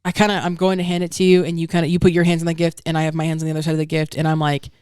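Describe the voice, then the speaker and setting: A woman's voice: low voice, completely flat delivery, very fast, a little mellow, clean tone, no echo, studio quality. A woman co-hosting a podcast, telling a long, rambling hypothetical story in casual banter. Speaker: podcast co-host.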